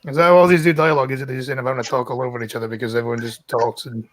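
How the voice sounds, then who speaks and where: A man's voice: mid-range voice, flat delivery, racing, a bit bright, low-quality recording. A man with a Scottish accent, streaming casually and reading news stories aloud, swearing often and stumbling over the words. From Scotland.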